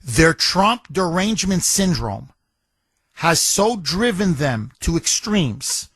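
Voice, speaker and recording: A man's voice: fairly high pitch, sing-song, takes it slowly, fairly bright tone, breathy edge, no echo. A man hosting a talk radio show, delivering a combative, emphatic and mocking monologue from a studio microphone.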